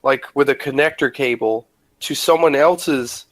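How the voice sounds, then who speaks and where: A man's voice: mid-range voice, unhurried, fairly bright tone, no room sound, poor audio. A man co-hosting a podcast, chatting casually and enthusiastically with lots of "like" fillers. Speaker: podcast co-host. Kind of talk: casual chat.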